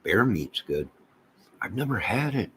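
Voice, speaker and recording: A man's voice: lowish voice, big pitch swings, a little slow, a bit bright, a little hiss or hum. An American man rambling casually as he chats with livestream viewers, reading their comments aloud and trailing off mid-thought. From United States. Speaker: livestream host chatting with viewers.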